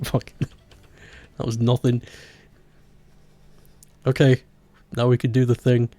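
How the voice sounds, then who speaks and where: A man's voice: mid-range voice, completely flat delivery, slow, mellow, no room sound, soft background music. A man chatting casually on a live stream, joking around, laughing often and swearing freely.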